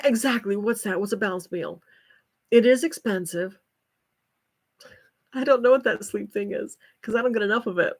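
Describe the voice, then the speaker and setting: An older woman hosting a livestream, chatting casually with viewers and breaking into folksy exclamations. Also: on the high side. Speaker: livestream host.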